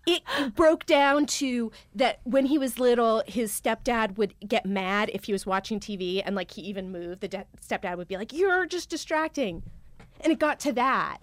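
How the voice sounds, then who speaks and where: A woman's voice: medium pitch, normal speed, hardly any pauses, dry recording. A woman author guesting on a comedy podcast, upbeat and self-deprecating, often laughing. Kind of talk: casual chat.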